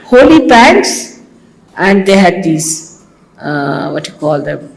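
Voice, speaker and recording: A woman's voice: sits low, slow, vocal fry, low-quality recording. Older Indian woman telling rambling stories. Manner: rambling storytelling with asides and gentle mockery. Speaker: spiritual teacher. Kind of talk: informal spiritual talk. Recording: archival talk recording.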